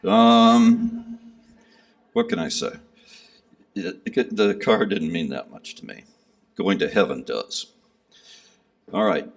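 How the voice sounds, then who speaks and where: A man casually recounting a pilgrimage to a gathering, rambling and self-deprecating with many fillers. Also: low-pitched. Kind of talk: casual storytelling talk. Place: gathering hall. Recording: speaker somewhat far from the mic.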